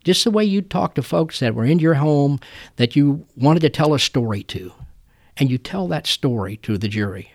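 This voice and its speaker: A man's voice: fairly high pitch, lively intonation, normal speed. An older man, a trial lawyer telling folksy stories in an interview. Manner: folksy, drawling storyteller. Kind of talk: interview storytelling.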